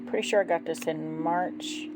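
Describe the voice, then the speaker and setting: Woman vlogger: low voice, unhurried, chatty and sleepy, loud music underneath. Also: fairly even intonation, rough recording. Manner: chatty, gushing, rambling. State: yawning, sleepy. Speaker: tarot deck reviewer. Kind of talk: casual vlog chat.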